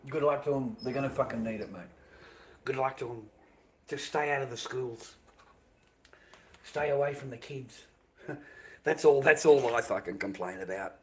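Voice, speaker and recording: A man's voice: medium pitch, moderate pace, pauses often. An Australian man ranting casually on his live stream, profane, rambling and dismissive.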